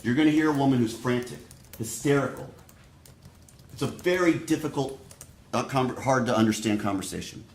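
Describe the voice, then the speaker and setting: Male prosecutor in an echoey courtroom. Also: mid-range voice. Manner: deliberate, speaks straight to the jurors. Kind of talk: opening statement to a jury.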